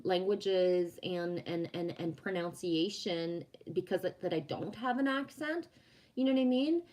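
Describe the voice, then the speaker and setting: A woman from Quebec whose first language is French, hosting a casual livestream in a chatty, rambling way, reading out viewer comments and laughing often. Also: medium pitch. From Quebec, Canada. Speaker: livestream host.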